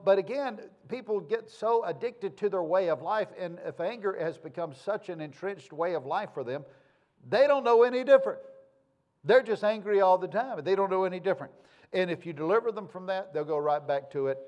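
Man, pastor, folksy conversational sermon, slightly high-pitched. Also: a little mellow. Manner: folksy, conversational preaching with homespun sayings.

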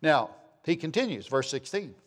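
A fiery preacher in his sixties with a high, ringing voice. He reads scripture slowly and with force, then drops to hushed, low asides and rises again to near shouts. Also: very animated. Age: 60s. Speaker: pastor. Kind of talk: sermon.

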